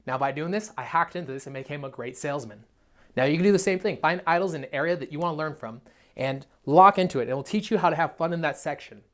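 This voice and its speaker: A man's voice: on the high side, fast talker. A young man, a dating coach, giving a blunt, profane, emphatic motivational monologue. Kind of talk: motivational self-help monologue.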